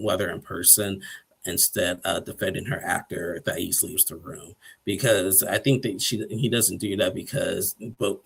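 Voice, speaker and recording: A man recaps a reality show in a loose, rambling way, chuckling now and then and acting out what people said. His voice is husky and sits a bit low. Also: fairly bright tone. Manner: rambling, chuckles often, acts out quotes. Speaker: TV episode recapper. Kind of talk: casual recap commentary.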